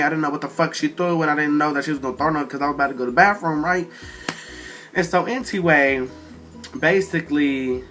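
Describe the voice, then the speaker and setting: A man casually telling a rambling, profane storytime about a fight at home. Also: mid-range voice. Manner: profane, rambling, animated retelling. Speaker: storyteller vlogger.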